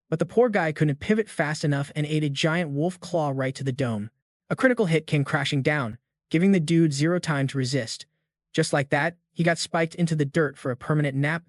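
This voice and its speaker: A man's voice: a little high, no echo, clean studio sound. A man narrating a comic recap in a slangy, hyped-up storytelling manner. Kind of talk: scripted narration.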